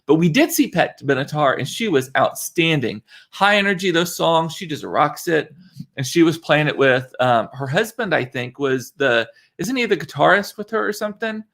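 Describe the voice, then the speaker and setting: A livestream host from South Texas rambles in a casual live-stream chat, full of fillers and restarts. His voice is on the high side, animated, creaky, and a bit bright, at a moderate pace.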